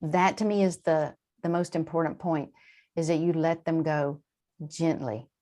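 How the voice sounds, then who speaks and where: A woman guest in an interview, explaining in a lively conversational way, with quick asides and frequent shifts in emphasis. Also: deep voice. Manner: animated, warm-hearted explaining with quick asides and laughs. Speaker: translator and guest.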